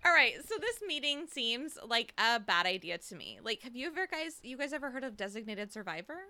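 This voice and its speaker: A woman's voice: fairly high pitch, big pitch swings, a little fast, sharp tone, dry recording. A woman co-hosting a podcast, recapping a book in casual chat, laughing often and swearing now and then. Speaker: podcast co-host.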